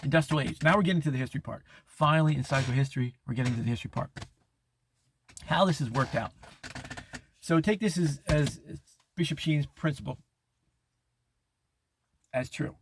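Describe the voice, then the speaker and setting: A middle-aged man hosting a podcast, talking in a rambling monologue with many restarts and false starts. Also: a little hiss or hum. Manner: halting, many restarts, mocking falsetto impressions. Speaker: podcast host.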